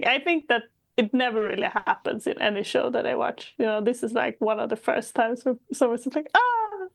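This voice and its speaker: A woman's voice: on the high side, steady tone, brisk, vocal fry, no echo, soft background music. A woman from Sweden chatting thoughtfully as a podcast co-host, laughing often. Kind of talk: casual chat.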